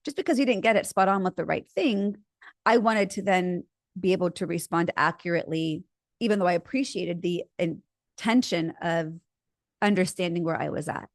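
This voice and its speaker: A woman's voice: fairly low pitch, moderate pace, dry recording, clean studio sound. A middle-aged woman co-hosting a couples therapy podcast, talking expressively with frequent restarts. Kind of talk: casual chat with role-play.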